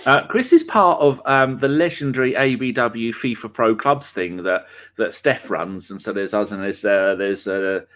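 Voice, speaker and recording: A man's voice: fairly low pitch, normal speed, few pauses, a bit bright. A man hosting a live podcast in casual, rambling chat, joking and using lots of fillers. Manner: chatty, rambling, jokey, with many fillers. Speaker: podcast host.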